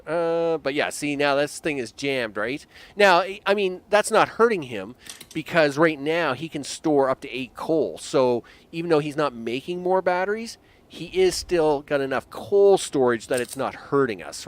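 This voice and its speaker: A young man giving live gameplay commentary, rambling, jokey and talking to himself with chuckling asides. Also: medium pitch. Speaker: game streamer.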